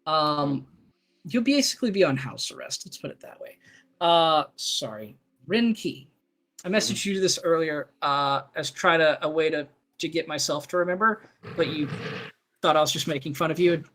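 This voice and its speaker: A man's voice: on the high side, animated, normal speed, fairly bright tone. A man narrating as game master of a tabletop game on a live stream, rambling with frequent restarts and asides.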